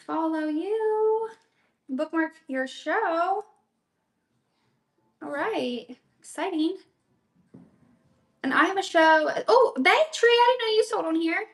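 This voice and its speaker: A woman's voice: very high-pitched, lively intonation, slow pace, long pauses. A woman hosting a casual crafting livestream from her home table, chatting and answering viewer comments as she works. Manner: chatty, reads viewer comments aloud while working. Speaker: livestream seller host.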